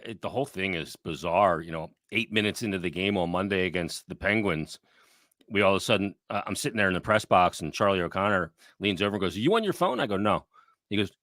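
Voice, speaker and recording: A man talks sports on a podcast, blunt and salty, telling his stories with energy. His voice is bright and forceful, recorded close and dry with no room sound. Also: low voice, no room sound. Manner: blunt, profane, animated storyteller. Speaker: podcast co-host. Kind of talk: casual sports talk.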